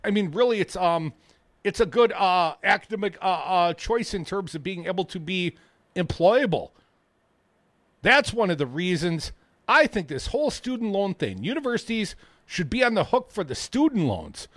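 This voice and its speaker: A man putting on a whiny impression of a male politician, halting and complaining. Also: high voice, very animated, a bit bright, no room sound.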